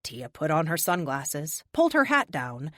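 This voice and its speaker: A woman narrating an audiobook with steady, expressive storytelling. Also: deep voice, moderate pace, no room sound, clean studio sound. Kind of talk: scripted narration.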